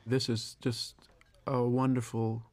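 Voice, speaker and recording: A man in his sixties, a film director giving a reflective, measured audio commentary. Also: mid-range voice, little pitch movement, a little mellow, no room sound. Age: 60s. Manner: reflective, measured, with pauses and restarts.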